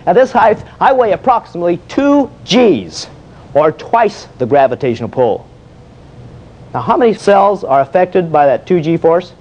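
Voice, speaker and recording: A man's voice: sits high, sing-song, normal speed, a little mellow, a little hiss or hum. A man leading an exercise demonstration as a fitness instructor, folksy and jokey, asking questions and answering them himself. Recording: dull lo-fi old video sound.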